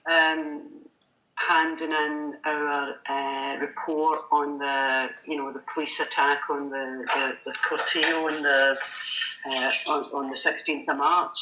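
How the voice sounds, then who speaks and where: A woman's voice: sits low, flat delivery, slow, pushed and bright, slight background noise. A woman, a guest, talking in a chatty, casual way with many fillers. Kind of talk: casual talk. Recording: echoey room.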